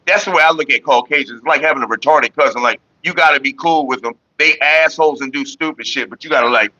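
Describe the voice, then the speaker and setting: A man's voice: medium pitch, quick pace, hardly any pauses, pushed and bright, no room sound, dull audio. A man hosting a casual livestream, talking bluntly and profanely straight to his viewers. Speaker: livestream host.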